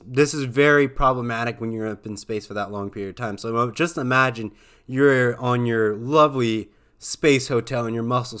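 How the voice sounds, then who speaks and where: A man's voice: medium pitch, a bit bright. Rambling man with lots of fillers. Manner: rambling, loose with many fillers. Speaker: podcast host. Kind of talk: casual solo talk.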